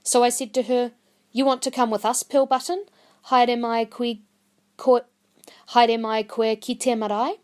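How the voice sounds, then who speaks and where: A woman's voice: a little high, level tone, measured pace, natural voice. A woman doing an earnest older Māori woman. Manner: pleading, rising and emphatic.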